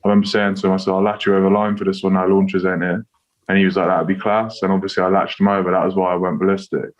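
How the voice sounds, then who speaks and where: A man's voice: deep voice, flat delivery, rapid-fire, dull audio. A man, a rugby player guest, talking bluntly and swearing freely in a casual podcast chat.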